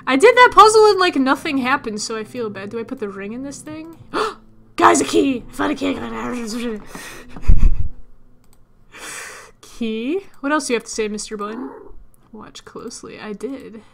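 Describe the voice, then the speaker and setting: A woman's voice: high-pitched, lively intonation, unhurried, gravelly, pauses often, bright, forceful tone, a little hiss or hum. A young woman casually commenting as she plays a puzzle game, chatting to her viewers and muttering to herself. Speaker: let's player.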